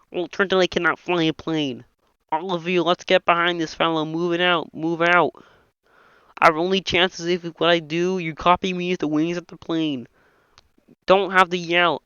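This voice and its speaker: A man's voice: sits high, fairly even intonation, moderate pace, clear, resonant tone, dry recording. A man doing an impression of a nasal puppet frog, reading every part of a film script in that one voice. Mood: frantic. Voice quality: nasal, bright and reedy. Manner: voices all the film's characters in one frog voice. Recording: dull, lo-fi, dry home mic.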